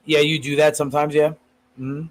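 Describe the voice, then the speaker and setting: High-pitched joking male podcast co-host. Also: little pitch movement, brisk, rough recording. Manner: joking, crude, laughs often. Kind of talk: casual chat.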